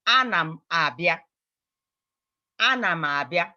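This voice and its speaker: A woman teaching a language class, saying each phrase slowly and repeating it several times for her students. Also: mid-range voice, lively intonation, bright, forceful tone. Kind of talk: slow, repetitive language lesson. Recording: slightly dull, lo-fi recording.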